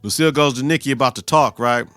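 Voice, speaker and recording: A man's voice: mid-range voice, fast, pushed and bright, clean tone, no echo, faint music behind. A man hosting a podcast, recapping a TV episode in casual, profane, slang-heavy talk and talking back at the characters. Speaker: podcast host.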